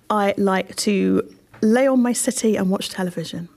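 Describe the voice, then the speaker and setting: A woman's voice: medium pitch, normal speed, vocal fry, a little mellow. A woman serving as mayor, answering a children's radio interview in a chatty, good-humoured way with frequent filler sounds. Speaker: town mayor being interviewed.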